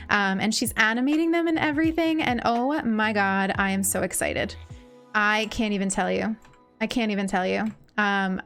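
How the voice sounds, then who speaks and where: A young woman streaming a cozy game, chatting gently and warmly greeting viewers, often saying things twice. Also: mid-range voice. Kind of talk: cozy casual chat while gaming. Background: faint game music.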